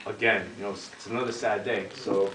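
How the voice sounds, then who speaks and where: Telling a long, wandering joke, this fairly low-pitched man speaks fairly quickly with a steady tone, filling it with "like" and "you know" and breaking into laughter. The noisy home video picks him up from a distance in an echoey room.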